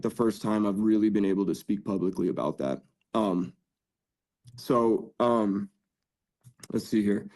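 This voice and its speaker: A man's voice: on the low side, darkish tone. A man on a podcast telling his faith testimony in an earnest, casual way, full of "dude" and "like". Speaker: podcast guest.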